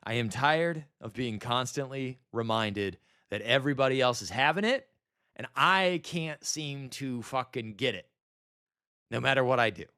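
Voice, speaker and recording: A man's voice: medium pitch, pushed and bright. Bitter ranting man in his thirties. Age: 30s. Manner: bitter, exasperated, swearing, repeats himself. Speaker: vlogger. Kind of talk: ranting monologue to camera.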